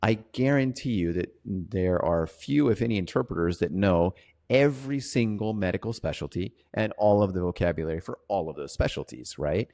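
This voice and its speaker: A man's voice: low-pitched, lively intonation, normal speed, vocal fry, darkish tone. A man co-hosting an interpreting podcast, chatting casually and often checking in with "right?". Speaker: podcast co-host.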